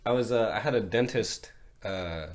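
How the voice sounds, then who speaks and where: A man's voice: on the low side, moderate pace. A man co-hosting a podcast, chatting casually and laid-back, with frequent "yeah, yeah" fillers. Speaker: podcast co-host. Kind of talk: casual chat.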